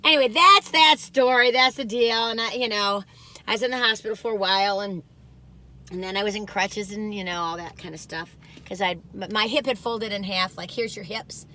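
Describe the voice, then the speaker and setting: A woman's voice: mid-range voice, moderate pace, sharp tone. A woman in her sixties telling a long personal story and reviewing food in a casual, rambling way, full of fillers, restarts and joking asides about herself. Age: 60s. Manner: chatty, wandering, lots of fillers and restarts; self-deprecating, joking asides.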